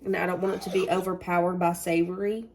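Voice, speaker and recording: A woman's voice: fairly low pitch, level tone, quick pace, heavy background noise. A woman with a Southern US accent, chatting folksily to her viewers while she cooks in her home kitchen. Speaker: cooking vlogger. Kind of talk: casual cooking vlog.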